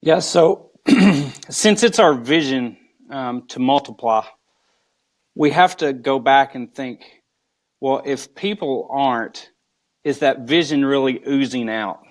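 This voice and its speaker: A man who is a lead pastor, guest in a live video interview, telling church stories slowly and deliberately. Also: mid-range voice. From United States. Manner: slow, drawn-out storytelling.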